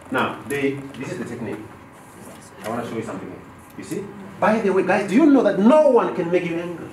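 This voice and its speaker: A male trainer lectures a live class in a high, lively voice and keeps quizzing the room. He acts out short office scenes as he goes. The sound is roomy and distant, with echo from the training room and a faint hum of background noise. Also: fast. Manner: animated, asks the class questions and acts out dialogues. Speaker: business trainer.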